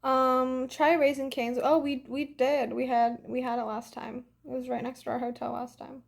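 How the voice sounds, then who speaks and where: A woman's voice: high-pitched, little pitch movement, moderate pace, creaky. A young woman chatting casually on a phone livestream and reading fan comments, a bit congested, breezy and full of "like" and "literally".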